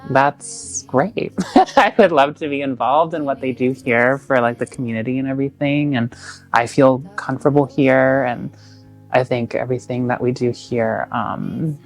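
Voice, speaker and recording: A woman with a strikingly low, deep voice co-hosts a podcast in casual chat. She sounds friendly and a little self-effacing, often laughing, with faint music behind her. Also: fairly even intonation, a little slow. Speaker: podcast co-host.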